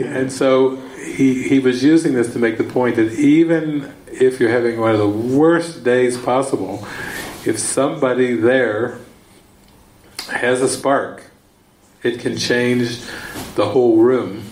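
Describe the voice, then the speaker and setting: This rough, echoey recording carries a faint hiss or hum as a man, a spiritual teacher, slowly rambles through a story in a retreat session room. His mid-range voice keeps repeating words, and now and then he bursts into excited, shouted quotes during the teaching talk.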